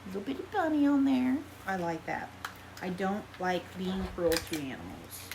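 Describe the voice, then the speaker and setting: A woman's voice: fairly high pitch, a little hiss or hum. An American woman chatting casually in a haul vlog while trying on makeup, rambling and poking fun at herself. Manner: chatty, rambling, self-deprecating. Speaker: vlogger.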